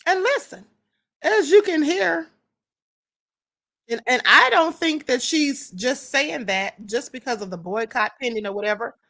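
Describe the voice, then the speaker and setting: A woman's voice: sits high, lively intonation, unhurried, bright, forceful tone. A woman hosting a live stream, giving casual opinionated commentary on clips and reading viewer comments aloud.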